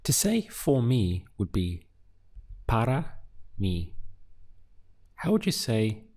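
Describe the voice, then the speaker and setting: A man teaching a beginner language lesson, drilling words syllable by syllable with patient pauses. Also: mid-range voice, sing-song, darkish tone. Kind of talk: slow, deliberate language lesson.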